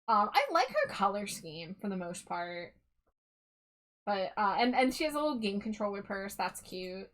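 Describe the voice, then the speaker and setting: A woman's voice: mid-range voice, big pitch swings, normal speed, fairly bright tone. Chatty woman streamer reviewing dolls. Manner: chatty, opinionated, talks it through with fillers. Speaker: streamer host. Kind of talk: casual stream commentary.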